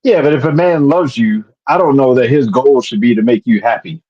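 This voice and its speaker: A man's voice: mid-range voice, brisk, husky, lo-fi sound. A married man co-hosting a podcast, thinking aloud with frequent restarts in casual chat. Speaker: podcast co-host.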